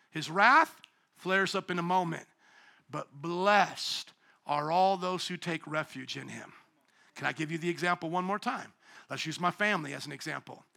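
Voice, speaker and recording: A man preaching a sermon as pastor, emphatic, dropping to hushed tones and rising to loud calls to the congregation. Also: high-pitched, creaky. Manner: call-and-response with congregation.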